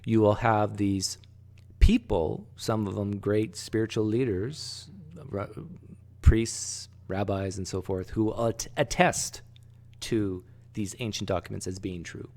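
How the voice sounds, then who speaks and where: Low-ish guy hosting a chat, halting, restarts a lot, gets loud making points. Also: creaky. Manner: animated, rises sharply when pressing a point; halting, frequent restarts and fillers. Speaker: host. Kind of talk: casual discussion.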